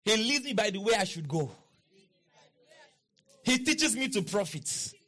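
A man preaching a sermon in an auditorium, leading the crowd in call-and-response and building to shouts and chants. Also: high voice, big pitch swings, unhurried. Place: large auditorium.

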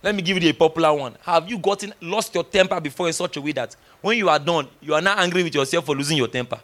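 A middle-aged man preaches with a high, lively voice. He drives his points with emphatic, teasing energy and slips into acted-out dialogue. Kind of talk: sermon.

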